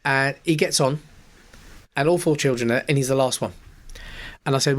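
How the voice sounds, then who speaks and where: A man, a pantomime performer and podcast guest, telling stage anecdotes in a lively way, acting out the dialogue and laughing as he goes. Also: medium pitch, fairly quick. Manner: animated, acts out dialogue, laughs often. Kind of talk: anecdotal storytelling.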